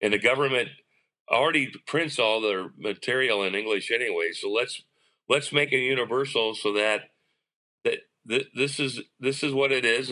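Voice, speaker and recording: A man's voice: mid-range voice, bright, forceful tone. A man in a casual two-person chat, stating firm opinions with emphasis and frequent restarts.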